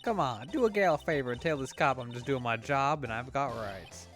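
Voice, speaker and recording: A man's voice: mid-range voice, animated, brisk, fairly bright tone, soft background music, close to an everyday voice. A man voicing a pushy female reporter with a put-on Southern US accent, reading game dialogue. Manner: brash, insistent.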